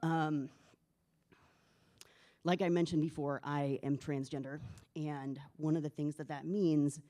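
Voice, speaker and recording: A man's voice: a little high, steady tone, measured pace, mellow. A man, a musician, introducing himself and his set from a stage in an earnest, plain-spoken way. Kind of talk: spoken introduction before a performance. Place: stage at a live literary music event.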